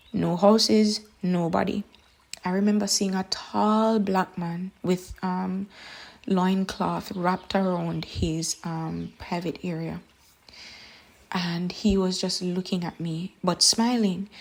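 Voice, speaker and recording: Earnest, halting woman giving testimony. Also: lowish voice, darkish tone. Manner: earnest, halting, with many fillers and pauses. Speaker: testimony speaker. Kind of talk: personal faith testimony.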